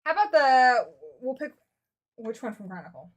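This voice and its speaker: A woman's voice: high-pitched, animated, moderate pace. A woman hosting a livestream in a casual, chatty way, talking straight to her viewers and laughing easily. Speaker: livestream host. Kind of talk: casual live chat.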